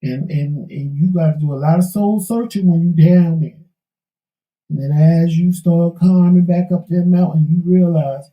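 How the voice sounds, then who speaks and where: A man's voice: fairly high pitch, fairly even intonation, normal speed, reverberant, recorded from a distance, dull audio. A man co-hosting a talk show, telling a candid life story in an emphatic, preachy way. He is losing his voice. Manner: preachy, emphatic, folksy Southern-tinged slang.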